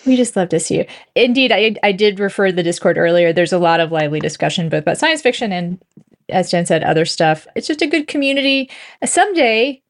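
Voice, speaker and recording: A woman's voice: medium pitch, expressive, a little fast. Woman podcast co-host, middle-aged, casual and giggly, stumbles through sentences good-naturedly. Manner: laughs often, chatty, restarts playfully. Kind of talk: casual chat.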